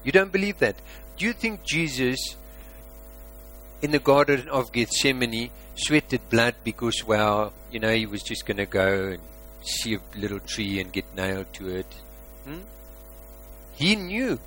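A man preaching a sermon as a pastor, asking rhetorical questions and swinging between loud emphasis and quiet asides. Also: mid-range voice, fairly even intonation, a little slow, slight background noise, rough recording.

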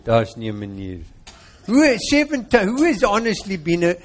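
South african man, pastor, slightly high voice, preaching, questions to the congregation. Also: wildly swooping pitch, normal speed, slight background noise. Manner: interactive, quizzing the congregation. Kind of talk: sermon.

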